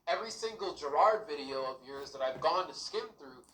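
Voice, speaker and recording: A man's voice: fairly high pitch, animated, fairly quick, pushed and bright, roomy sound, distant mic, rough recording. A man ranting bluntly and profanely at another creator in a casual vlog clip. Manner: blunt, profane, addressing the viewer directly. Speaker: small youtuber.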